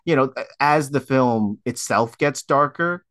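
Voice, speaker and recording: A man talks in relaxed, enthusiastic conversation, laughing easily and stumbling into restarts as his thoughts outrun him. His voice sits at a middling pitch. The sound is close and dry, with no room around it. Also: a little slow, no echo. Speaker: podcast guest film critic. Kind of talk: casual chat.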